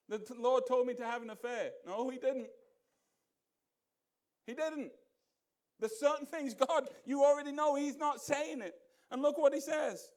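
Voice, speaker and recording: A man's voice: normal speed, darkish tone. A male pastor preaching a sermon in a church, talking conversationally and throwing rhetorical questions at the congregation. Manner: acts out quoted voices in a low mutter. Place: church sanctuary.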